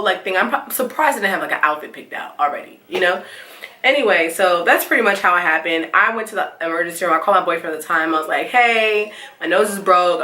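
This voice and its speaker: A young woman telling a storytime vlog, animated and laughing, acting out the quotes in squeals. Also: lowish voice, reverberant. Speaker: vlogger. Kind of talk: casual storytime.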